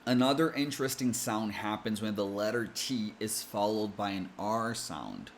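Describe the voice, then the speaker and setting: A man with an American accent, coaching English pronunciation with slow, careful explanations. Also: on the low side, slight background noise. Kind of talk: explanatory lesson.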